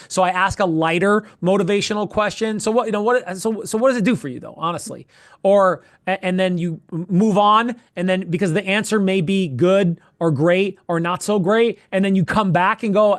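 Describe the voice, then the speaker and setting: A man coaching a role-play sales call, animated and profane, repeating short phrases in quick bursts. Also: high voice. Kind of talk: coaching feedback in casual chat.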